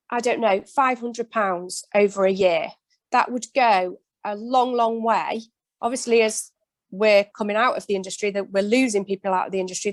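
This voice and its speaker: A woman's voice: mid-range voice, no room sound. Earnest woman farmer on a webinar panel. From Britain.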